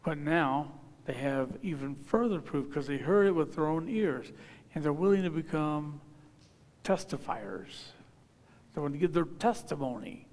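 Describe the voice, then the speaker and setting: A man preaching a sermon, reading scripture aloud and rising to emphatic, forceful calls. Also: fairly high pitch, moderate pace. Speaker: pastor. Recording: long hall reverb.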